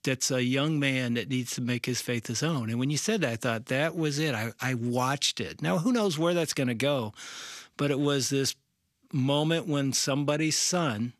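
A man's voice: medium pitch, normal speed, dry recording, clean studio sound. A middle-aged man, a pastor and co-host, telling a story in casual chat and acting out the quotes. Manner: animated storyteller, acts out quotes.

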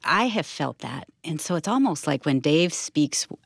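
Heartfelt woman telling a story, slight fry. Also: sits low, big pitch swings, moderate pace, no echo, studio quality. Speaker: radio show co-host. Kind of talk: storytelling in conversation.

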